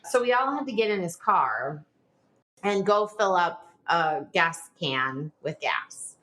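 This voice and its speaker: A woman in her forties, a podcast guest telling a personal story in a rushed, animated way, full of "like" fillers. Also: fairly low pitch. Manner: animated, talks in a rush with frequent "like" fillers.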